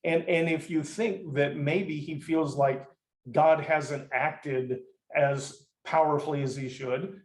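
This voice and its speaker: A man's voice: a little high, a little mellow. A man preaching a conversational teaching sermon, emphatic and restarting sentences as he explains. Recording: roomy echo.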